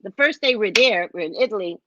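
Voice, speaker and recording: A woman hosting her show, casually telling a funny travel story, animated and acting out what people said, often asking "right?". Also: mid-range voice, fast, no echo, muffled recording. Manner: animated, acts out other people's lines; frequent tag question "right?". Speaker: show host and psychic reader.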